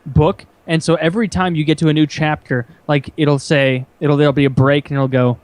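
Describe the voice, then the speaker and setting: A man's voice: on the high side, little pitch movement, fairly quick, dry recording. A man co-hosting a podcast, teasing his friends in casual, emphatic banter. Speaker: podcast co-host.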